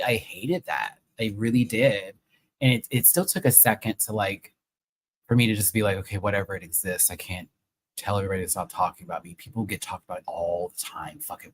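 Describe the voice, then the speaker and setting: A young man chatting casually on a live stream review, excitable and swearing often. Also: on the low side, poor audio.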